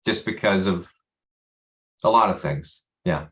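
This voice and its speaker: A man's voice: deep voice, measured pace, fairly bright tone. A man, an actor being interviewed, chatting casually over a video call, rambling, restarting his sentences and laughing easily. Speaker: actor guest. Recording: dull lo-fi video call audio.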